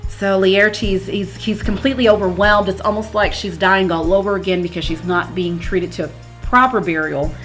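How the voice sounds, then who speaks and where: A woman explaining a play in a casual teaching manner, reading verse slowly and then paraphrasing it plainly. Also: mid-range voice, fairly even intonation. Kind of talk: explanatory read-through of a play. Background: soft background music.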